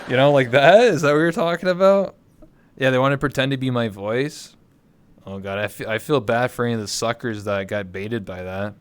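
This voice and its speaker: A man's voice: mid-range voice, a little fast, smooth. A man hosting a livestream, chatting casually in a rambling, jokey way. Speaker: livestream host. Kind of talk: casual chat.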